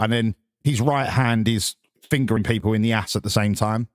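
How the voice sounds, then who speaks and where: A man's voice: medium pitch, expressive, a little fast, no room sound, clean studio sound. A man streaming a game, chatting casually, swearing and riffing sarcastically while reading chat. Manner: sweary, sarcastic, rambling, reads chat aloud.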